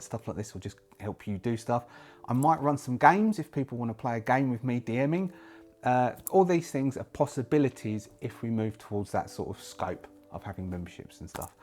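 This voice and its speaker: A man hosting a solo roleplaying channel, talking casually and rambling, often correcting himself mid-sentence. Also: medium pitch. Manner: rambling, self-correcting, lively. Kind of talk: casual talk to camera.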